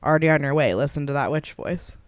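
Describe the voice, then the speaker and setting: A woman's voice: low voice, quick pace, no echo. A woman co-hosting a podcast in casual chat, an eager storyteller who is supportive and teasing. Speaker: podcast co-host.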